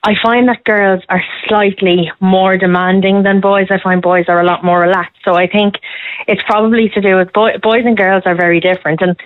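A woman's voice: mid-range voice, fairly even intonation, dry recording. A woman, calling in to a radio show and chatting emphatically about parenting. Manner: chatty and emphatic, quick laughs. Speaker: caller. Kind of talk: casual radio phone-in chat. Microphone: phone. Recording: tinny phone line, dry.

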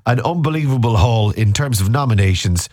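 A man's voice: mid-range voice, lively intonation, fairly quick, darkish tone. A man with an Irish accent, hosting a casual afternoon radio show while suffering a cold, slipping into mock-outraged comic rants. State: has a cold. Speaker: radio host.

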